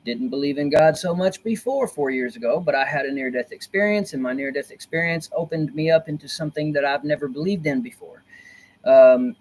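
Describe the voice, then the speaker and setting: A man on a casual livestream, speaking into his laptop from a cozy, dim corner of his room. His voice sits a little high, and he rambles and circles back over his points. He sounds earnest and conspiratorial. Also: brisk, a little mellow. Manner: rambling, repeats himself. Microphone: laptop built-in mic.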